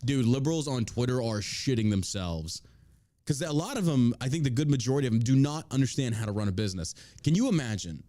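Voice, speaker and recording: A man's voice: mid-range voice, expressive, quick pace, warm tone. A man hosting a crude comedy podcast, swearing often, mocking the news and dropping into silly put-on voices. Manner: profane, mocking, slips into put-on accents for jokes. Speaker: podcast host.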